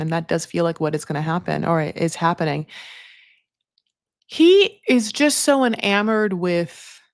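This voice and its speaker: A woman's voice: mid-range voice, no room sound, studio quality. A woman hosting a casual reality TV recap, chatty and sassy, swearing freely and calling people honey. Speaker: TV recap host.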